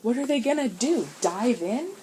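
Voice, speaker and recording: A woman's voice: a little high, moderate pace, a little hiss or hum, voice pushed up, lightly acted. A woman doing a frightened boy who takes charge. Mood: urgent. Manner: urgent, shouting commands.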